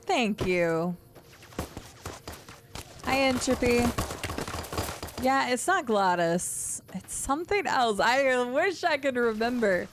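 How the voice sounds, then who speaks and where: A young woman streamer chatting casually while playing a game, thinking out loud and greeting her viewers. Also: fairly high pitch, lively intonation, slow pace, pauses often, noisy background. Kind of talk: casual chat while gaming.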